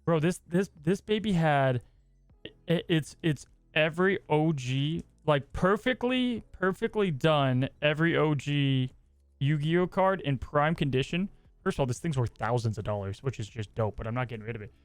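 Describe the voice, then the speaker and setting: A man from the American South co-hosts a casual podcast and tells laid-back, rambling anecdotes. His voice sits a little high, and it is recorded dry and close with faint music underneath. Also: animated, moderate pace, clean tone, no room sound. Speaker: podcast co-host. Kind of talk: casual chat.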